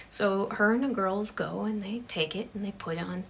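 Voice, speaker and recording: A woman telling a ghost story in a hushed voice that keeps dropping to a whisper, with a creaky texture. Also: medium pitch, quick pace, hardly any pauses, slight background noise.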